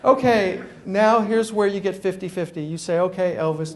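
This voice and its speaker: High-voiced New man telling stories. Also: moderate pace, hardly any pauses, slight background noise. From New York. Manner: animated storyteller acting out phone calls. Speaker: guest speaker. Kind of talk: humorous keynote talk. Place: conference room before an audience.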